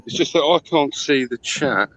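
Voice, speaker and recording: A man out of breath, chatting in a rambling, halting way while walking outdoors, talking into a phone. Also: on the high side, lively intonation, fairly bright tone, low-quality recording. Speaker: stream guest. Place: outdoors at a holiday park.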